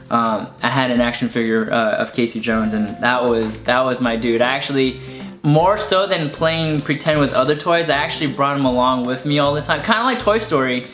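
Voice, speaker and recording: A man's voice: medium pitch, a bit bright. A young man chatting casually and with enthusiasm about his childhood toys, rambling with lots of fillers. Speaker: online video creator. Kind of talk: casual chat showing toys. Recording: echoey room with faint music.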